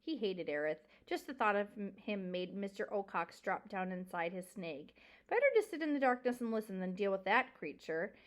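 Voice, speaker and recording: Expressive woman reading a storybook. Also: medium pitch, moderate pace. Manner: expressive, pointing out pictures. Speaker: reader. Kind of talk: reading a children's novel aloud.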